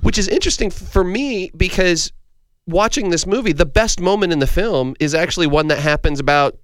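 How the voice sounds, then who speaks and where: Man, film critic, casual review chat, thoughtful and hedging, smooth clear voice, dry close sound. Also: sits high, lively intonation, brisk, a bit bright, dry recording. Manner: thoughtful, with frequent restarts and hedging.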